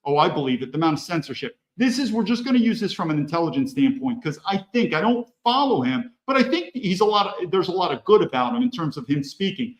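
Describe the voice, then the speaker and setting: A man's voice: sits high, very animated, fast, few pauses, low-quality recording. A middle-aged man hosting a podcast, delivering a blunt, profane and heated political rant. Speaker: podcast host.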